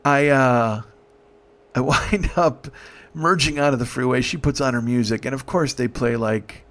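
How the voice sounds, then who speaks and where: A man's voice: medium pitch, measured pace, fairly bright tone. Brief: comedian in his 40s, profane rambling storyteller, middle-range voice. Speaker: comedian host. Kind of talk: comic storytelling monologue.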